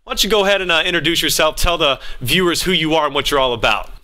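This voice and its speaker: Fast, bright-voiced male esports host. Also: a little high. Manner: upbeat, eager, hype-style delivery. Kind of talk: casual hosted interview.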